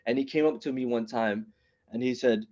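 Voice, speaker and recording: Rambling stand-up comic, mid-pitched man. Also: a little fast, darkish tone, muffled recording. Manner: rambling, conversational, self-interrupting. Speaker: stand-up comedian. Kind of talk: stand-up comedy set. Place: small open-mic venue, online.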